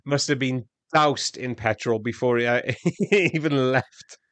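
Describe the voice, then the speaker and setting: Relaxed man in podcast chat. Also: mid-range voice, a little slow, no echo. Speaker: podcast co-host. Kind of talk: casual film-review chat.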